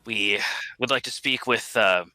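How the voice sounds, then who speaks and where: A man playing a character in a tabletop game, speaking haltingly. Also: medium pitch, bright, forceful tone, dry recording. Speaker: player.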